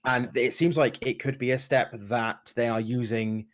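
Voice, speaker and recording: A man co-hosting a gaming podcast, explaining points in a measured, casual way. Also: mid-range voice, fairly even intonation. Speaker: podcast co-host.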